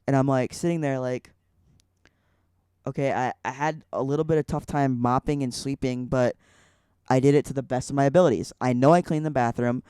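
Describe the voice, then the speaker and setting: A man's voice: mid-range voice, steady tone, brisk, a little mellow, smooth, dry recording, clean studio sound. A young man from Illinois telling a personal story on a podcast, rambling with lots of "like" fillers. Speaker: podcast guest. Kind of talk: casual storytelling.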